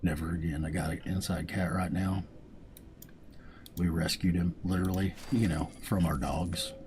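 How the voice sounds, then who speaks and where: A low-pitched man with a steady tone talks a little slowly over background noise while casually commentating a game. The gaming host keeps it jokey, occasionally reading the game's lines in goofy voices.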